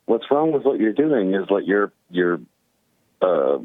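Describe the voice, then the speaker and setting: A man from California calls into a radio show, hesitant and worked up as he argues his point. His voice sits low but swings widely in pitch. He is heard over a thin, tinny phone line with a dry sound. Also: big pitch swings, measured pace, dry recording. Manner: emotional, hesitant, full of fillers. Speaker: caller. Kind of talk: call-in radio talk.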